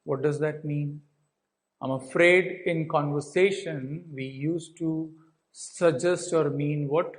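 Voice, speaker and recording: A man's voice: on the high side, fairly even intonation, takes it slowly, rough recording. A man with an Indian English accent teaching a class, explaining a story by asking questions and then answering them himself. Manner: asks and answers his own questions; restates points, fills with uh and so. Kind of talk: explaining a textbook story to students.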